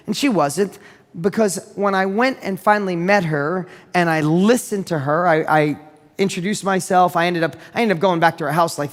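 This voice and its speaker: A man's voice: a little high, big-room sound. A man giving a motivational business talk, telling a story in an emphatic way that repeats phrases for effect. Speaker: business speaker.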